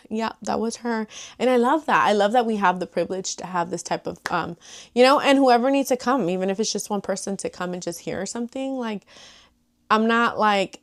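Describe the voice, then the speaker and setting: A young woman sits and talks straight to her viewers in a relaxed, unscripted chat. She rambles from thought to thought with plenty of fillers and restarts, her voice at an ordinary middle pitch. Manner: chatty and rambling, full of "like" and "you know". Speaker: vlogger. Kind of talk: casual chat to camera.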